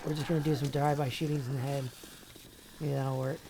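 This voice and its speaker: Gravelly-voiced woman chatting on a game stream. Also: a bass voice, flat delivery, fast talker, noisy background. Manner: chatty, rambling, greets viewers by name. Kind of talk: casual live-stream chat while playing.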